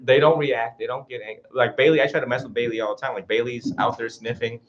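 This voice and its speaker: A man's voice: medium pitch, steady tone, quick pace. Chatty, self-mocking male Buddhist teacher. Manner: chatty, self-mocking, laughs often, acts out little voices. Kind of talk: informal dharma talk. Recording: dull lo-fi recording.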